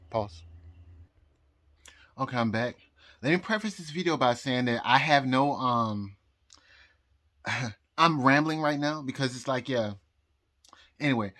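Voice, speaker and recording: Male vlogger, rambling and hesitant, mid-pitched, dry sound. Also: a bit bright, dry recording. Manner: hesitant, many ums and restarts. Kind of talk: rambling casual vlog. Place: outdoors, then indoors at home.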